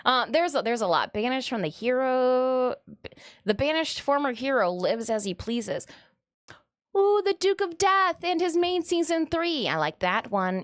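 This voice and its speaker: A woman's voice: on the high side, fairly bright tone. A woman from Michigan chatting casually on a live stream, reading viewer comments in a rambling, giggly way. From Michigan, USA.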